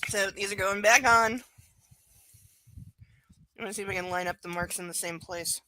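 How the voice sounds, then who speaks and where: A woman's voice: mid-range voice, fairly even intonation, moderate pace, bright, forceful tone, a little hiss or hum, rough recording. A woman streaming a live reading of a novel, breaking off for chatty, joking asides. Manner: chatty, jokey asides between passages. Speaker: livestream reader.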